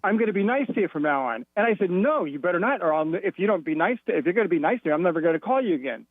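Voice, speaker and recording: A man's voice: high voice, very fast, no echo. A man calling in to a radio show, retelling a quarrel and acting out both voices. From Florida. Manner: animated storyteller acting out both sides of a quarrel. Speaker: caller. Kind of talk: telling a story on a radio call-in. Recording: tinny phone line, dry.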